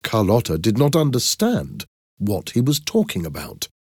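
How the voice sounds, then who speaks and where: A man reading an audiobook in a clear, expressive storytelling manner. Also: on the low side, normal speed, no echo, clean studio sound. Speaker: narrator.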